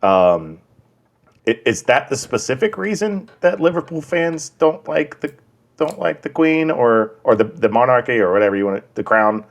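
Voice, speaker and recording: This podcast co-host speaks at a medium pitch with wide swings in intonation. Chatting casually, he stumbles through his stories and keeps starting sentences over.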